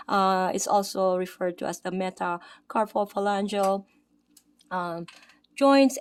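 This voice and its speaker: A young woman with a Filipino accent giving a casual anatomy lesson, halting with fillers and self-corrections as she explains muscles. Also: mid-range voice, a little mellow, no room sound, clean studio sound. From Philippines. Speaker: massage therapist teaching anatomy.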